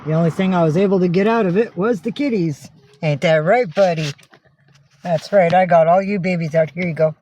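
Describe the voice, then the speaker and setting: A woman on a casual livestream who swings between angry, profane ranting at her viewers and soft baby talk to her cats, speaking from inside a minivan. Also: lowish voice, normal speed, a little hiss or hum.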